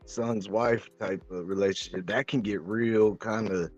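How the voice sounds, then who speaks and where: A man hosting a casual chat, relaxed and laid-back, often saying "man" and "you know what I mean". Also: fairly low pitch, measured pace, dry recording. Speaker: host. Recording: lo-fi audio with faint music.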